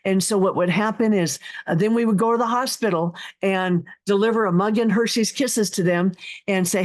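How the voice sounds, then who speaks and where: A woman's voice: medium pitch, normal speed. A middle-aged woman guest telling stories in an earnest, heartfelt way, with many restarts and fillers. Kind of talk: casual interview talk.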